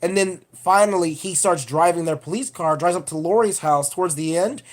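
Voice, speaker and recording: A woman's voice: on the low side, moderate pace. A woman vlogger giving a casual, profane, digressive film review rant.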